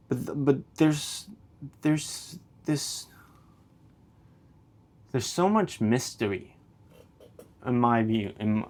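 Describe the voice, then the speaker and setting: A young man talking to camera in a loose, rambling way, full of restarts, casual slang and swearing. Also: medium pitch. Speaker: vlogger. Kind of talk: rambling philosophical monologue to camera.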